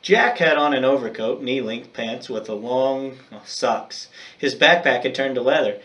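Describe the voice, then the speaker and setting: A man's voice: medium pitch, moderate pace, fairly bright tone, distant mic, muffled recording. A male teacher reading a children's chapter book aloud and then recapping homework, speaking directly and encouragingly to his students.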